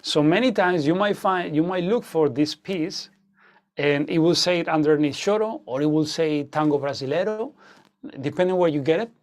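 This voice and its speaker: Man, guitar teacher, online class, fillers, frequent "okay?", slightly high voice. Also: normal speed. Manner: explanatory, frequent "okay?" check-ins, hesitant fillers.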